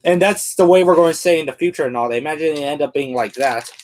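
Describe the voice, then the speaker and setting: A man's voice: fairly high pitch, fast talker, darkish tone, a little hiss or hum. A man on a casual live stream who thinks aloud as he assembles a toy figure. He rambles and fills his talk with "like" and "and all that".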